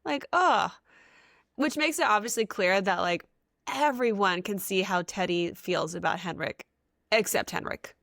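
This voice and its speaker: A woman co-hosting a casual book podcast, recapping scenes in an animated, giggly way. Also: mid-range voice, normal speed, creaky, no room sound, studio quality. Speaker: podcast co-host.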